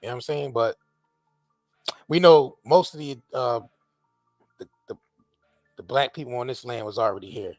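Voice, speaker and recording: A man hosting a podcast, talking in a casual, profane, animated way with many restarts. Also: mid-range voice, normal speed, pauses often, no echo, soft background music. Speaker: podcast host. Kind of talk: casual chat.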